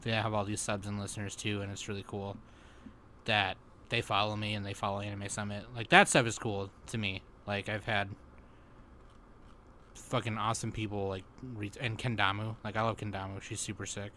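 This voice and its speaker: Brief: man, podcast co-host, bright tense tone, rambling and foul-mouthed. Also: fairly low pitch, level tone, a little fast, slight background noise. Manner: rambling, swears freely, jokey. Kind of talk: casual podcast chat.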